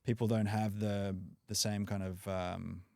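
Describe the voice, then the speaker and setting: A man's voice: fairly low pitch, a little slow, gravelly, dry recording, clean studio sound. A man from Australia, a podcast guest, chatting casually with lots of "like" and "you know". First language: English. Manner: relaxed, frequent "like" and "you know" fillers. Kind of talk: casual conversation.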